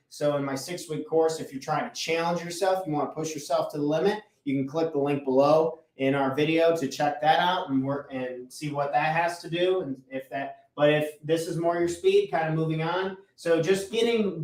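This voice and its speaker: A man hosting a motivational business talk at a chalkboard, energetic and repeating key phrases for emphasis. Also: a little high, distant mic. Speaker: business coach and podcast host. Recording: roomy echo, voice off-mic.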